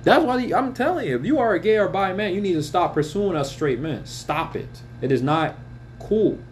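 A man's voice: high voice, moderate pace, a little hiss or hum. A man hosting a podcast, ranting bluntly in a casual monologue, swearing often and telling stories with a lot of energy. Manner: blunt, heavy swearing, animated storytelling. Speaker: podcast host.

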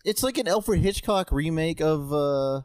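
A man's voice: on the high side, animated, unhurried, a little mellow. A man guesting on a podcast, chatting casually in a joking, rambling way and swearing now and then. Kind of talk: casual chat.

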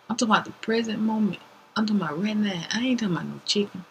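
A woman's voice: mid-range voice, racing, slight background noise, rough recording. A woman hosting a podcast, telling a story casually and acting out what people said, sometimes dropping to a whisper. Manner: animated, acts out quotes, drops to whispers. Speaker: podcast host.

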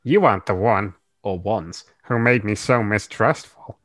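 A man reading aloud, voicing a brooding young man with a soft, slightly sad low voice. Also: measured pace, no room sound. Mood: guarded.

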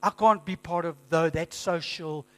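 A man preaching a sermon as pastor, in a conversational storytelling manner with lively quoted asides. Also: a little high, moderate pace. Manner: conversational storytelling, animated quoting.

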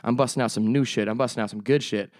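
A man's voice: medium pitch, steady tone, fast, a little mellow, dry recording, clean studio sound. A young man hosting his own podcast, chatting casually in a rambling, profane, joking way. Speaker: podcast host. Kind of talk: casual solo podcast chat.

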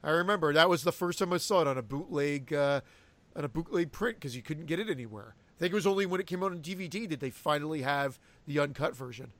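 A man's voice: on the high side, fast talker. A man co-hosting a casual movie chat, reminiscing with lots of fillers. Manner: relaxed, reminiscing, trailing fillers. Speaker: podcast co-host.

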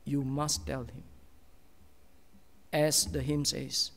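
A man preaching a sermon as a pastor, slow and earnest, with many pauses and often dropping to a soft, hushed tone. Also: medium pitch, little pitch movement, big-room sound.

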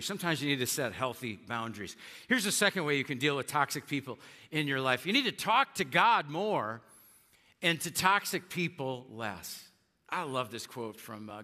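A middle-aged male pastor preaching a conversational sermon, acting out quotes in lively voices. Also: medium pitch, long reverb tail.

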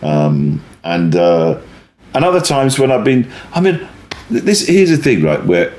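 A middle-aged man in casual conversation, telling stories in a rambling, self-interrupting, animated way. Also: lowish voice, unhurried. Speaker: guest, performer.

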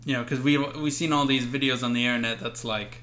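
A man's voice: medium pitch, steady tone, a little fast, a bit bright. A man co-hosting a podcast in casual chat, rambling and hesitant with lots of fillers. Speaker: podcast co-host.

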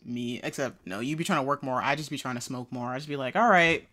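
A woman's voice: rumbling low, fairly even intonation, quick pace, a bit bright. A young woman co-hosting a casual podcast, laid-back and trailing off, with some swearing. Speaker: podcast co-host. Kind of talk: casual chat.

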